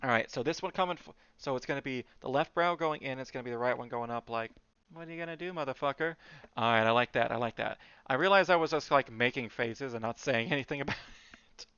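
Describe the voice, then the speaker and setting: A man's voice: mid-range voice, fast, fairly bright tone, clean tone, no echo, muffled recording. A man streaming as he draws, chatting casually with lots of fillers and muttered asides. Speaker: streamer drawing live. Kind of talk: casual rambling stream chat.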